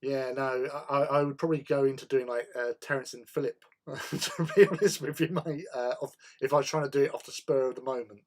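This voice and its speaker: A man's voice: medium pitch, fairly even intonation, fairly quick, darkish tone. Rambling man chatting casually. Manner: rambling, laughs often. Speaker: host of a hobby livestream. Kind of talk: casual chat with viewers.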